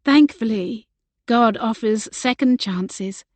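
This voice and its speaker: A woman's voice: on the high side, slow, a little mellow, no room sound. A woman reading the part of a shy, hopeful young woman in love, speaking lightly. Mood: joyful.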